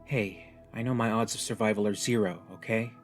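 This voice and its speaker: A man's voice: fairly low pitch, fairly even intonation, a little fast, faint music behind, natural voice. A man voicing a tough, jaded young woman stranded on an alien world, speaking bluntly and wearily. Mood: resigned. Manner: blunt, weary, resigned.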